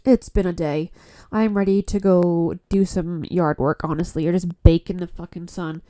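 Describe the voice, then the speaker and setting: Podcast host: a worn-out woman from Canada with a blocked nose, mellow tone, blunt and profane, chatting solo into a phone. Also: fairly low pitch, normal speed. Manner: rambling, frank, swears often. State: stuffy nose; tired. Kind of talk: casual solo podcast chat. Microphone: phone mic.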